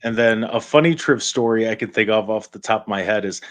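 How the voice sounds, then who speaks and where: A man on a video call telling rambling, animated stories about his radio days as a guest. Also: fairly low pitch, fairly quick. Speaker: guest, former radio staffer. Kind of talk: casual storytelling.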